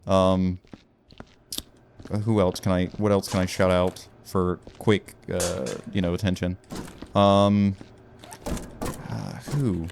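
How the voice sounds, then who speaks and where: Low-voiced rambling gaming man. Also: flat delivery, takes it slowly, gravelly, pauses often, background noise. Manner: rambling, jokey, puts on loud emcee shouts. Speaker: gaming YouTuber. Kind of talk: casual gameplay commentary.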